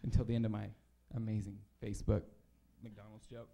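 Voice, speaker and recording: A man's voice: lowish voice, level tone, brisk, creaky, mellow. A man doing a rambling, self-deprecating stand-up comedy set on a comedy club stage, full of fillers and restarts.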